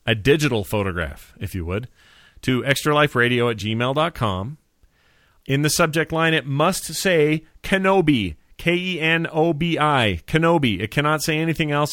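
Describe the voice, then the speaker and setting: A man hosting a casual chat show, joking and rambling in an animated way. His voice sits at an ordinary middle pitch and sounds dry and close, with no room around it. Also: dry recording. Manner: animated, jokey, rambling with restarts. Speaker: podcast host.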